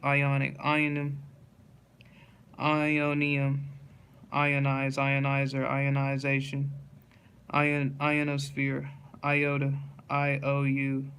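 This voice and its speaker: A man reading dictionary words aloud one after another in a slow, steady monotone, stumbling and restarting on hard words. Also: medium pitch, slight background noise.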